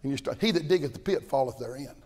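An older man preaching a fiery sermon, folksy and impassioned, swinging from shouts to low asides. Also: lively intonation, fast. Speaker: pastor. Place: large church auditorium at a conference. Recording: long reverb of a big hall.

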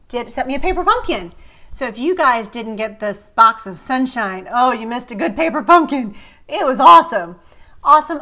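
A woman's voice: fairly high pitch, a bit bright. A middle-aged woman hosting a card-making vlog, chatting casually and gushing over cards viewers sent her. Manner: gushing, effusive, repeats praise words. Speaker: card-making channel host. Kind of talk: casual crafting vlog chat.

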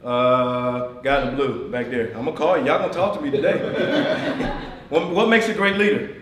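A man giving a motivational talk to a room of managers, swinging from shouts to near-whispers, laughing often and calling on the audience. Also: medium pitch, moderate pace, roomy sound, recorded from a distance, noisy background. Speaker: motivational speaker. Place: meeting room.

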